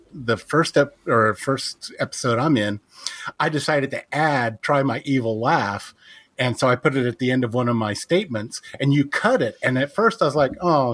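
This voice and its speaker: A man's voice: mid-range voice, fairly bright tone, husky. A man, a podcast guest, chatting casually and telling amused anecdotes. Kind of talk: casual chat.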